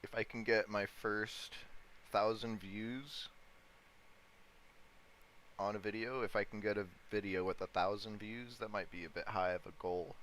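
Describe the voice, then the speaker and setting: A man with a low, bright-edged voice talks slowly through a casual live stream, thinking aloud and addressing his chat. He chuckles a lot between remarks, and a faint hum of background noise sits under his voice. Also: fairly even intonation, poor audio. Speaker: livestreamer day-trading crypto.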